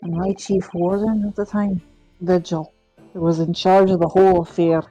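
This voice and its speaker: A woman's voice: on the low side, little pitch movement, normal speed, warm tone, lo-fi sound, soft background music, close to an everyday voice. A woman voicing a sly male prison governor in a put-on Scottish accent, reading game dialogue aloud with a dry, wry manner. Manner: dialect-heavy, wry reading of game lines.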